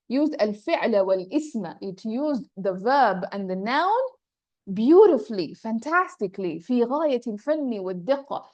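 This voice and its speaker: A woman teaching an Arabic grammar lesson, reading passages quickly and then explaining them slowly and patiently, checking often that her students follow. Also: a little high, darkish tone, no room sound. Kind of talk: classroom lesson, explaining and translating a text.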